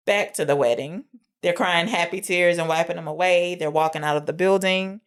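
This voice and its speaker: Female podcast co-host, low voice, casual film recap, earnest. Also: fairly even intonation, fairly quick, smooth.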